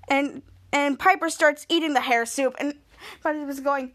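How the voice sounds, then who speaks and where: A woman's voice: high-pitched, moderate pace, long pauses, a bit bright. A woman hosting a podcast, retelling an episode in a rambling run-on way, stringing everything together with "and". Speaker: podcast host. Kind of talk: casual episode recap.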